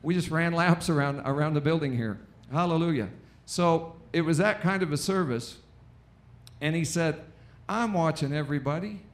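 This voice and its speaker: Energetic American preacher, higher-pitched man. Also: normal speed. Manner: preaching with call-and-response and acted-out quotes. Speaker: pastor. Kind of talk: lively sermon. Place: church auditorium.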